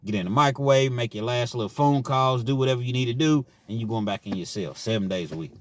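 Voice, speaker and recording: A man's voice: mid-range voice, dry recording. A man from Kentucky telling stories in a casual, slangy way, often adding "man" to his sentences. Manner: slangy, drawn-out asides with "man". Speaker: vlogger telling prison stories. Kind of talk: casual storytelling.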